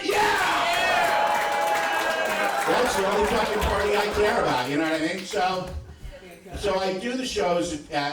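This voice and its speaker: Comediante masculino profano num clube ecoante. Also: male voice, fairly high pitch. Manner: profane storytelling, frequent asides to the crowd. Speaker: stand-up comedian. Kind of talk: live stand-up set. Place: comedy club stage. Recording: echoey club sound from a distant mic.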